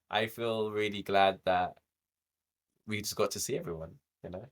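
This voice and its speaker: A young man co-hosts a podcast, casually reviewing a show while laughing often and swearing freely. His voice is lowish and steady, at a measured pace.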